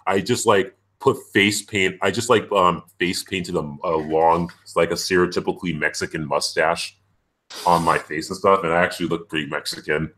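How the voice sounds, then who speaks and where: Low-voiced ranting man on a call. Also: moderate pace. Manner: animated, ranting, frequent "it's like". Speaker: podcast host. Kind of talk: casual opinionated chat.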